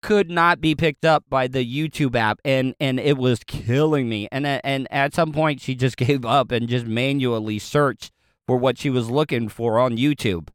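A man with a Southern US accent spins a loose, casual story straight to his audience. His voice is smooth and clear, recorded dry and close with no room sound. He rambles, backtracks and chuckles as he goes. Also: mid-range voice, fairly bright tone, no echo. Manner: rambling, with frequent fillers, restarts and chuckles.

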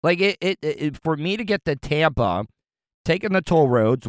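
A man's voice: mid-range voice, lively intonation, moderate pace, no room sound, studio quality. A young man ranting casually with lots of profanity, often stumbling and repeating words as he reacts to news clips. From Florida, US.

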